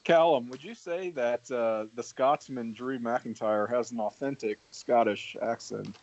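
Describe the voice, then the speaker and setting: A man's voice: mid-range voice, a little slow, darkish tone, highs cut off, a little hiss or hum. A man co-hosting a wrestling watch-along in a laid-back, easygoing way. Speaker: podcast co-host. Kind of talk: casual watch-along commentary.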